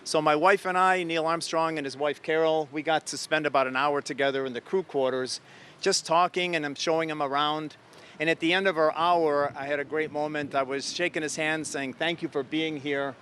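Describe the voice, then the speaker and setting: A man's voice: fairly high pitch, fairly bright tone, slight background noise. Older man telling an eager anecdote. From Ohio. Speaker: guest astronaut. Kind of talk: interview storytelling.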